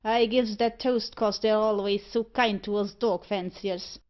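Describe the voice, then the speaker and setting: A woman's voice: mid-range voice, fairly even intonation, a little slow, lightly acted. A woman voicing a cheerful, greedy male dog thief who speaks in breezy dialect in a storybook reading. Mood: jovial. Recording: muffled lo-fi audiobook recording.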